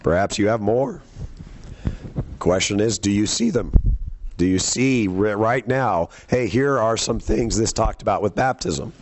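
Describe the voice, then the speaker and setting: A man's voice: lowish voice, unhurried, slight background noise. A man preaching a sermon, teaching from scripture in a conversational way and quizzing his listeners with questions.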